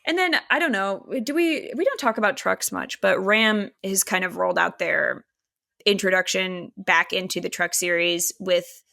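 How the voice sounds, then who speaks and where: A woman's voice: medium pitch, moderate pace, vocal fry, bright, forceful tone. A woman co-hosting a podcast in casual chat, swearing freely, laughing often and steering the questions. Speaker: podcast co-host.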